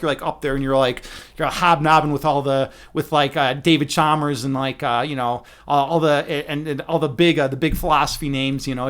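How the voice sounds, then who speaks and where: A man's voice: fairly high pitch, fairly bright tone. A man chatting casually on a livestream, rambling and swearing freely with lots of restarts and laughs. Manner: rambling, profane, laughs often, many restarts. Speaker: streamer.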